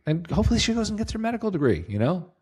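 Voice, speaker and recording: A man's voice: sits high, very fast, husky. A middle-aged man, a company CEO, being interviewed as a guest, telling stories casually and acting out quotes. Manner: lively storyteller, acts out quotes, laughs easily.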